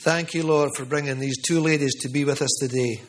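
A man's voice: on the high side, fairly even intonation, fairly quick. A middle-aged man preaching a charismatic sermon with prophetic words, fervent and emphatic, repeating phrases for stress. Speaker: pastor.

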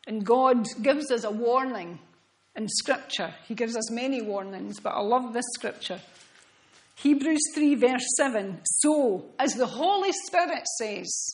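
A woman preaching a sermon in an earnest, reflective way, often dropping to soft, hushed tones. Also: a little high, lively intonation, unhurried, low-quality recording.

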